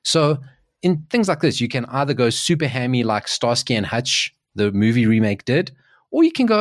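A man in his forties co-hosts a casual podcast, telling stories with excitable energy. His pitch swings widely and he often restarts mid-sentence. The sound is dry and close. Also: moderate pace, dry recording. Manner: animated storyteller, jumps in pitch, restarts often. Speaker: podcast co-host. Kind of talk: casual chat.

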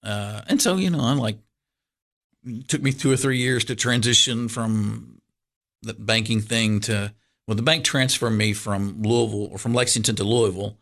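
In a casual storytelling interview, a middle-aged man from Kentucky, there as a guest pastor, rambles through an anecdote at a normal pace. His fairly low voice carries a soft drawl and a bright, forward tone, and he keeps restarting and dropping in fillers with animated energy.

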